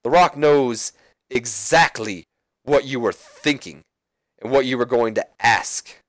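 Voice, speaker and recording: A man's voice: mid-range voice, slow, dry recording, close to an everyday voice. A man voicing a cocky, boastful male wrestler who talks down to others and speaks of himself in the third person. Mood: contemptuous.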